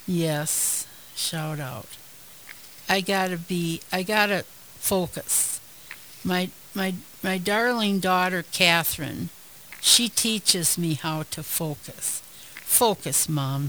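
Slow, earnest older woman praying. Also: fairly low pitch, a bit bright, a little hiss or hum, low-quality recording. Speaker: guest leading prayer. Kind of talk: spoken prayer.

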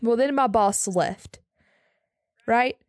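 Young woman with a slightly raspy voice. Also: on the high side, dry recording, clean studio sound. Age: young adult. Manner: animated storyteller, quick asides. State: slightly hoarse from screaming. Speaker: podcast co-host. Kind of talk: casual storytelling chat.

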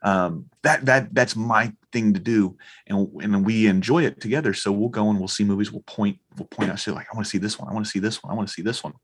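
Husky animated storytelling man. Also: fast, hardly any pauses. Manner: animated storyteller, acts out quoted dialogue with big pitch jumps, swears freely. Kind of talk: casual chat.

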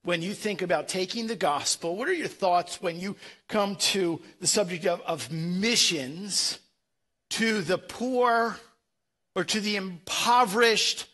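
Male pastor, high husky voice, emphatic stammering sermon delivery. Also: slow pace, sharp tone. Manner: emphatic preaching with frequent stammered repeats.

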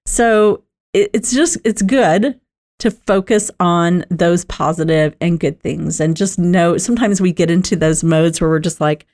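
A woman's voice: on the low side, measured pace, darkish tone. A middle-aged woman telling personal stories in a chatty, rambling way, often breaking into laughter. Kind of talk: personal storytelling talk.

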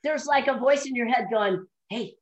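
A middle-aged woman chats on a podcast, laughing freely as she tells her stories. Her voice sits a little high and bounces with energy. She talks in a casual, unscripted way. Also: fairly quick, a little hiss or hum, low-quality recording. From Chicago area. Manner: animated storyteller, laughs often. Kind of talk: casual chat.

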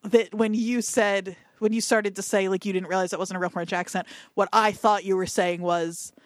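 A woman co-hosting a movie podcast, chatting casually and rambling through asides and fillers. Her pitch sits in an ordinary middle range. The sound is dry and close, with little room around it. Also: fairly even intonation, moderate pace, no room sound. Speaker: podcast co-host. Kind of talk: casual chat.

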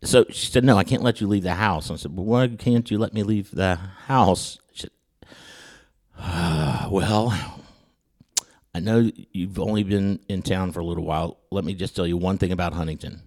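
Host, male, very low voice, animated raconteur, stumbles and restarts as he acts out quotes. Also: normal speed. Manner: animated storyteller who acts out quotes, with frequent stammered restarts. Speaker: podcast host. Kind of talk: storytelling anecdote in casual chat.

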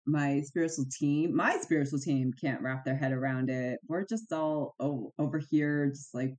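A woman's voice: low-pitched, moderate pace, few pauses. A woman co-hosting a casual spiritual podcast chat, exasperated, sighing and firing off rhetorical questions. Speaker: podcast co-host.

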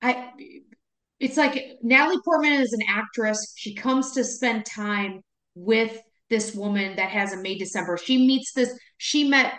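A woman's voice: on the high side, a little slow, fairly bright tone, roomy sound. A woman from Wisconsin co-hosting a podcast in casual chat, rambling and laughing often. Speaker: podcast co-host.

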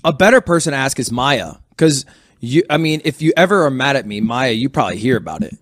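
A man's voice: mid-range voice, expressive, fast, fairly bright tone, no room sound, clean studio sound. A young man telling a story in a casual podcast chat, rambling and sheepish, with many fillers and restarts. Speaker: podcast guest.

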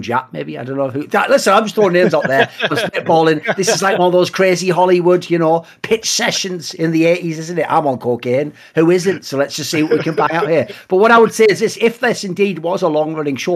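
A man co-hosting a podcast, talking in a sarcastic, mocking way with lots of swearing and animated storytelling. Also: fairly high pitch. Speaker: podcast co-host. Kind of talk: casual podcast banter.

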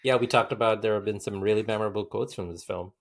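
A man co-hosting a podcast, chatting casually about a film, animated and quick to laugh. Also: fairly low pitch. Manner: animated, laughs often, quotes lines in put-on voices. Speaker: podcast co-host.

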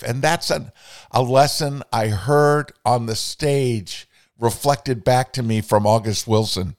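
A man's voice: lowish voice, a little slow, vocal fry, dry recording, clean studio sound. An older man hosting a podcast, speaking in an earnest, reflective monologue and quoting passages aloud with feeling. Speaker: podcast host.

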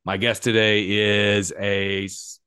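A man hosting a podcast, talking in an animated, emphatic, chatty way. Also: lowish voice, takes it slowly, clear, resonant tone, dry recording, clean studio sound. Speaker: podcast host and coach. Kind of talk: casual podcast conversation.

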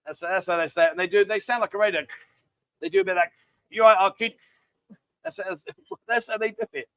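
A man's voice: high-pitched, fast, fairly bright tone, no room sound. A man hosting a live stream, rambling and bantering casually as he reads out viewer comments. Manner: rambling, chatty, cheeky banter. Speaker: livestream host.

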